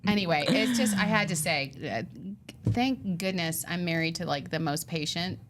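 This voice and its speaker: A woman co-hosting a podcast, telling a story in an animated, breathless way and acting out both sides. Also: fairly low pitch, normal speed, noisy background. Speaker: podcast co-host. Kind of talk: casual chat, storytelling.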